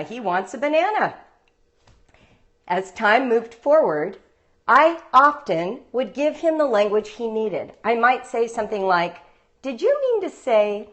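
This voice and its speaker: A woman's voice: high-pitched, sing-song, normal speed. A woman who teaches homeschool writing, giving a live-streamed talk on a phone with playful stories and rhetorical questions. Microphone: phone livestream.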